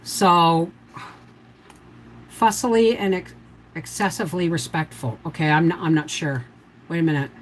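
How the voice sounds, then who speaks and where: On a casual homestead livestream, an older woman chats and rambles while guiding viewers through canning steps. She speaks on the low side at normal speed, pausing often, and the poor audio picks up slight background noise.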